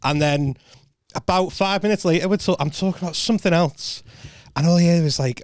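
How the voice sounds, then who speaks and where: A man's voice: sits high, brisk, no room sound, clean studio sound. A male comedian on a casual podcast, telling a story with lots of stammered restarts and swearing. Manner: stammering restarts, heavy swearing, laid-back. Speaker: stand-up comedian guest.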